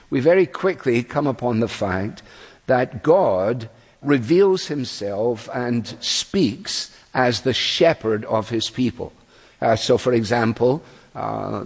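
A man preaching in a large church, his measured, earnest sermon voice trailing off into a long hall reverb. He sits at a middling pitch and unpacks scripture step by step, in no hurry. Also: husky.

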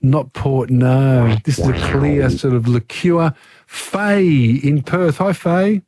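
A man hosting a talkback radio quiz, reading questions briskly and upbeat. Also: mid-range voice, warm tone, no room sound, studio quality.

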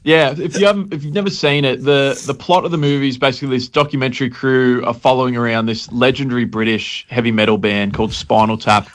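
A man's voice: medium pitch, fairly even intonation, fast talker, hardly any pauses. A man on a radio panel, eagerly explaining and stumbling over words. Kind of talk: radio banter.

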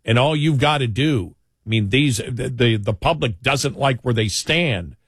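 A man's voice: mid-range voice, lively intonation, unhurried, slightly rough, no room sound, clean studio sound. A man co-hosting a political talk show, speaking indignantly and repeating himself as he builds his points. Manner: indignant, repetitive, rambling restarts. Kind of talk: political talk radio commentary.

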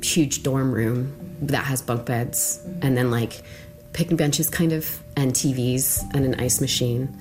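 A woman's voice: extremely low pitch, steady tone, measured pace, music in the background. A woman interviewed about her past, talking casually with many fillers and acting out what others said. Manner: casual, frequent "like" fillers, acts out quotes. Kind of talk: personal recollection in interview.

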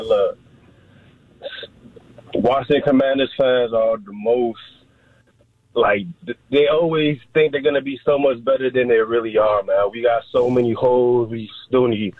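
A man's voice: medium pitch, dry recording. A man in his thirties calling a sports radio show, rambling and hesitant in casual talk over a phone line. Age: 30s. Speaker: caller. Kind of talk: call-in chat.

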